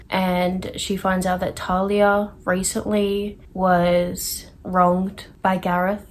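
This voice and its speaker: A woman's voice: on the low side, a little hiss or hum. Chatty, upbeat woman vlogger. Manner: chatty, enthusiastic, rambling. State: a bit out of breath. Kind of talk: casual chat.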